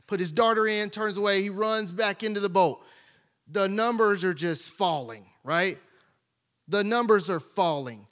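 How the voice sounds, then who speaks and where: A male pastor delivers a sermon in a high, bright voice. He speaks slowly, asks the congregation rhetorical questions, and sinks to a near hush on key points.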